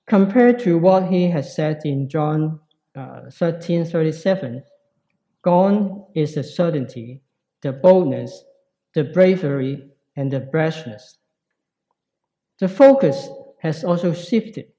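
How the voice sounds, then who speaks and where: A man preaching a sermon in a slow, reflective way with pauses. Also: a little high, expressive, warm tone, low-quality recording.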